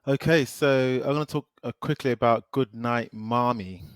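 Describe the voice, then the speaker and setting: A man's voice: mid-range voice, moderate pace, clear, resonant tone, dry recording, studio quality. A man co-hosting a podcast, giving short reactions and then explaining in a casual way. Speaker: podcast co-host. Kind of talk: casual film review chat.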